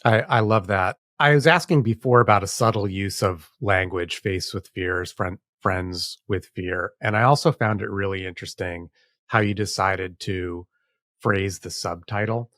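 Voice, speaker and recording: Halting man hosting a podcast. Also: deep voice, a bit bright, dry recording, studio quality. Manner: halting, repeats words while forming questions. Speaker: podcast host. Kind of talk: podcast interview.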